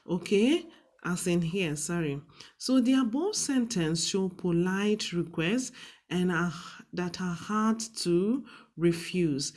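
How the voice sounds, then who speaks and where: A woman's voice: mid-range voice, expressive, darkish tone. A woman teaching a grammar lesson for a TV series, explaining patiently and checking in with "okay?" after each point. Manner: slow, patient, repeats "okay?" and "all right?". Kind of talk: classroom lesson on TV.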